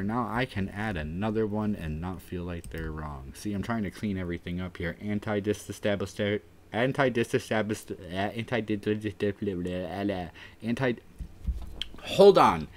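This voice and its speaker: Low-voiced tired man rambling on stream. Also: moderate pace, hardly any pauses. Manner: rambling and self-deprecating, trailing off with "I don't know". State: tired and dry-mouthed from the heat. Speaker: livestream host. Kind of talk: casual livestream chat, reading chat aloud.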